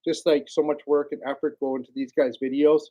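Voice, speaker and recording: A man's voice: a little high, little pitch movement, fairly quick, phone-quality sound. A man hosting a casual livestream, rambling in a laid-back way, greeting viewers by name and laughing often. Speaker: livestream host.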